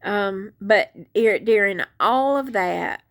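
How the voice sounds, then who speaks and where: A woman's voice: medium pitch, slow pace. A woman chatting to viewers about crochet from her bed at home, talking into a handheld phone in a folksy, rambling, self-deprecating way. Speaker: crochet vlogger. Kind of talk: casual chat to viewers.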